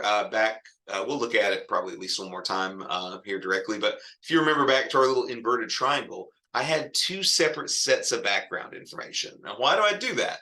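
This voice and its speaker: A man's voice: mid-range voice, sharp tone. A man teaching a college writing class in a recorded lecture, casual and wry, with self-deprecating asides.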